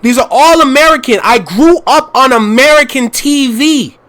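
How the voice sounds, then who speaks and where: A man's voice: very high-pitched, expressive, moderate pace, a bit bright. A man from Canada with a slight Toronto accent, hosting a reaction channel and talking emphatically, often repeating a line for stress. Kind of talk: casual reaction commentary.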